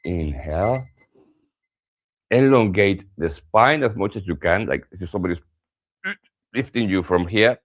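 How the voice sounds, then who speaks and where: A man teaching a guided yoga stretching session, giving calm cues and softly stressing key words, with some hesitant fillers as he explains. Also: sits low, measured pace, long pauses. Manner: calm instructive cues, drops to soft emphasis. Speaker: yoga and somatic practice teacher.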